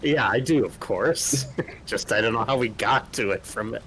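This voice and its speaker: A man's voice: medium pitch, normal speed, fairly bright tone, slight background noise. A man co-hosting a gaming stream in casual chat, explaining lore and telling the player where to go. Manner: explains game lore and gives directions. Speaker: co-host guiding the player.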